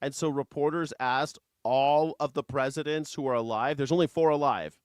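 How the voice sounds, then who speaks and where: A man hosting a live news reaction show, profane and mocking, at times slipping into a soft taunting croon. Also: medium pitch, moderate pace, smooth, no room sound, clean studio sound. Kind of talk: live political commentary.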